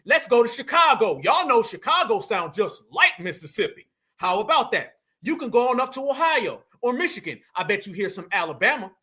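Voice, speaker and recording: A man's voice: very high-pitched, a little fast. A man hosting a fiery commentary monologue, emphatic and preachy, calling his viewers fam. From New York. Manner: emphatic, preachy, animated, addresses audience as fam. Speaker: political commentary host.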